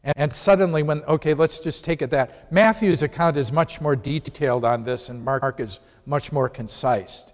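A man's voice: fairly high pitch, moderate pace, hardly any pauses. A man leading an informal Bible lesson, talking conversationally and putting questions to his class. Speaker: Bible study teacher. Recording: long hall reverb.

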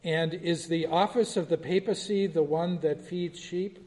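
A man teaching a Bible study, with a mellow, darker voice that sits a little high for a man. He reads scripture aloud and then quizzes the group, and a long reverb trails his words through a large hall. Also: fairly even intonation, a little slow. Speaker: pastor.

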